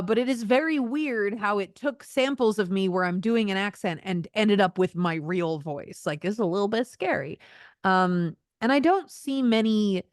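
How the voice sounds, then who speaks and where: A woman's voice: medium pitch, dry recording, clean studio sound. A woman voice actor giving a candid, earnest interview answer, with many fillers and small laughs. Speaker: voice actor guest.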